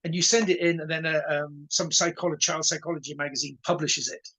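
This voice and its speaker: Poorly recorded, a husky sixty-something Welshman speaks briskly in a highish voice. He's a karate instructor guesting on a casual interview, telling lively stories, performing the dialogue and stammering on repeated words.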